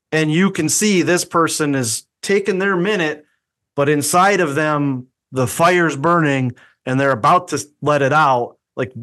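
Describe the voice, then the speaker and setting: A man co-hosting a faith podcast, chatting casually and acting out quoted voices. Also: a little high. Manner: animated, acts out quoted voices. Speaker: podcast co-host.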